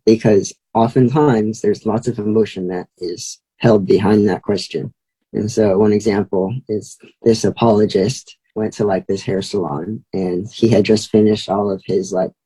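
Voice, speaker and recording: Young man with a dark, husky voice. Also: fairly low pitch, low-quality recording. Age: young adult. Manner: chatty, many "like" fillers, laughs easily. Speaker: guest. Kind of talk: casual storytelling.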